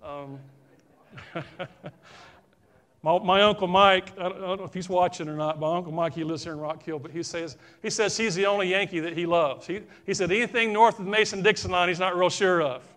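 A man's voice: high voice, a little fast, a bit bright. A middle-aged man with a Southern US accent, preaching a folksy sermon and talking straight to his congregation. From South Carolina, US. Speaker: pastor.

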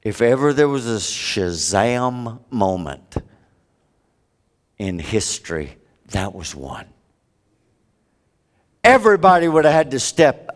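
A man preaching a sermon, with big dramatic swings from loud high peaks to hushed low stretches. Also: big pitch swings, slow pace, pauses often.

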